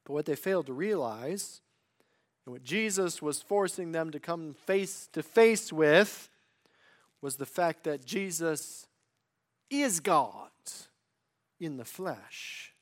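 A man preaching a sermon in earnest, swinging between loud emphasis and quiet, drawn-out phrases. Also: on the high side, animated.

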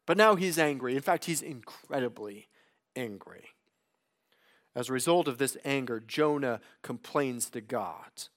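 Male preacher, expository sermon, high voice, unhurried delivery, drops low and hushed for emphasis. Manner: deliberate, dropping low and quiet for emphasis.

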